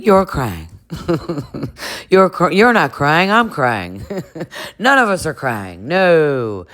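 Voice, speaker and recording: A woman casually recapping a reality show in a chatty, gossipy way, with laughing asides. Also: low-pitched. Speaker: recap vlogger.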